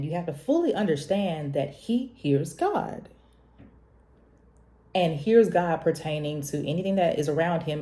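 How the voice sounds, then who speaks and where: A young woman vlogger with a low, warm voice talks casually to the camera in a confessional style. She's animated and preachy, laughing often and jumping high in pitch whenever she quotes herself.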